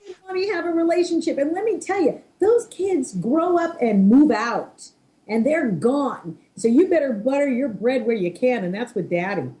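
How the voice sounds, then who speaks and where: A woman's voice: high-pitched, animated, normal speed, dark tone, rough recording. A woman comedian answering interview questions in a frank, upbeat way. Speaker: guest comedian.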